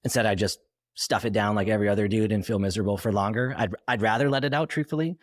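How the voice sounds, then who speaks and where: A man's voice: fairly low pitch, fast talker, no room sound, studio quality. A man hosting a podcast interview, eagerly asking questions and reacting in a conversational way. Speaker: podcast host and coach.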